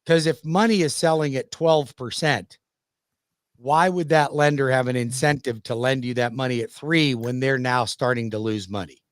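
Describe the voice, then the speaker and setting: A man's voice: medium pitch, normal speed, clear, resonant tone, no room sound, clean studio sound. A man co-hosting a casual mortgage discussion, explaining points emphatically and with confidence.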